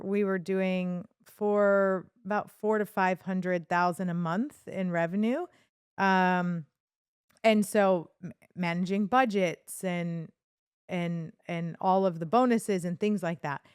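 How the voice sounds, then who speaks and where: Female podcast co-host, salon owner, lower pitch, exceptionally clean tone, chatty storyteller, dry mic. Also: smooth, no echo. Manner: storytelling, warmly affirming, many restarts. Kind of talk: casual business podcast talk.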